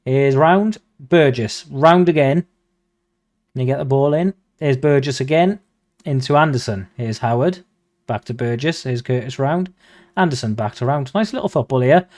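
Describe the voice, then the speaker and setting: A young man, commentating his own football management game with excitable, mock-commentator energy. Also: medium pitch, moderate pace. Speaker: gaming video host.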